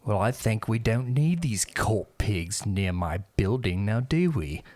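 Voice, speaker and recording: A man's voice: on the low side, very animated, a little slow, darkish tone, no room sound. A man playing his character in a tabletop game, talking in a sly, drawling way. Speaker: player.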